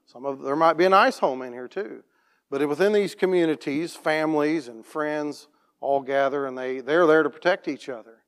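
A man's voice: fairly high pitch, moderate pace. Plain-spoken man telling a church testimony. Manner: plain-spoken, frequent restarts, clears his throat often. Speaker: farm operator sharing a church mission story.

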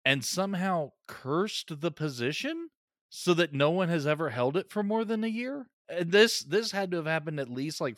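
Chatty laughing man, lively dry voice. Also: on the high side, no echo. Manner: chatty, explains with in-universe theories, laughs often. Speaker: podcast co-host. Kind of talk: casual chat.

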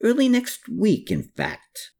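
A man's voice: sits high, huge pitch swings, slow, creaky, dark tone, pitched above the performer's own voice, exaggerated voice. A narrator voicing a cheerful, roguish male dealer in an audiobook, jovial and theatrical. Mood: jovial, boastful. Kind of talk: audiobook character voice.

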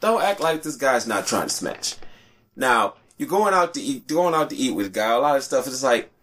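A man in casual chat, animated and laughing, jumping into high voices when he quotes people. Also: moderate pace.

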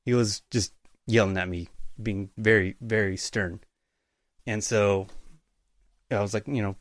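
A man speaking as a guest in a casual interview, telling work stories in a relaxed, easygoing way. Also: on the low side, unhurried, long pauses, no room sound, studio quality. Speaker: guest, utility locator.

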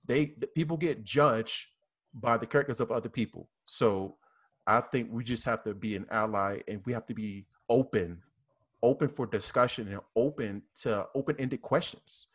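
A man's voice: mid-range voice, moderate pace. Earnest man with a Southern twang. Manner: earnest, repetitive, emphatic. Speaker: police officer and panel guest. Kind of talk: casual panel discussion.

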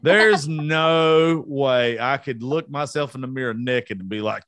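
A man's voice: mid-range voice, unhurried, a bit bright, smooth, no echo. A young man from South Georgia with a Southern accent, hosting a casual, unedited podcast, profane and self-mocking. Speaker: podcast host.

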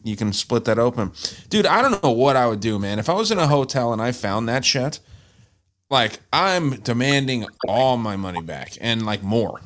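A man's voice: medium pitch, a bit bright. A young man co-hosting a podcast, talking in a loose, rambling way and swearing freely. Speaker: podcast co-host. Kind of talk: casual chat.

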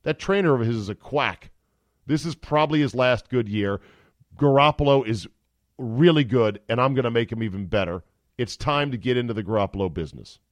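A man's voice: medium pitch, fairly quick, no echo, natural voice. Brief: a man voicing a blunt, swearing head coach, commanding and fed up, dry close sound. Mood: angry. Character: gruff, angry male football head coach.

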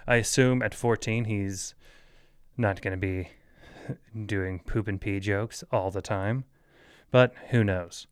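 A man's voice: on the low side, fairly even intonation, takes it slowly, pauses often, clear, resonant tone, no room sound, clean studio sound. A man in his thirties hosting a casual solo podcast, rambling loosely, chuckling often and swearing offhand. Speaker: podcast host.

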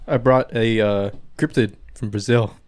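A young man on a casual podcast, talking in a flat, unemotional way. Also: on the low side, unhurried, clear, resonant tone, no room sound, clean studio sound. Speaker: podcast co-host. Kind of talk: casual chat.

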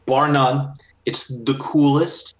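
A man's voice: medium pitch, fairly even intonation, slow pace. Man explaining games in a roomy room. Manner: enthusiastic, explanatory, rambling restarts. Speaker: podcast co-host. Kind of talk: casual gaming chat. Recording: roomy echo.

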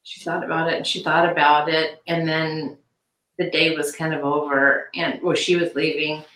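A middle-aged woman being interviewed, speaking haltingly with many restarts and turning animated when she quotes people. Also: sits low. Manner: animated when quoting others. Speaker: interview guest, victim's aunt. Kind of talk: conversational interview. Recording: echoey room.

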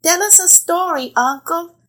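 A woman doing shrill excited village kids. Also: unhurried. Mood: eager. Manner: shouting eagerly. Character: excited village children, high and eager.

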